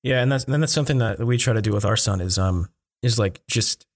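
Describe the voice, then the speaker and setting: A man hosting a podcast in a relaxed way, laughing as he tells anecdotes and filling his speech with likes. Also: fairly low pitch, fairly quick. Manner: frequent likes and restarts. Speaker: podcast host. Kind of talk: casual podcast interview.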